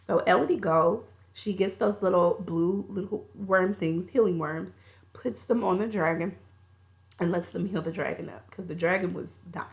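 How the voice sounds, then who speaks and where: A woman with a slightly low-pitched voice recaps a film's story for her viewers. She talks in a loose, colloquial, chatty way, like she's telling a friend what happened. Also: normal speed, gravelly. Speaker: movie reviewer. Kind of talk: casual plot recap.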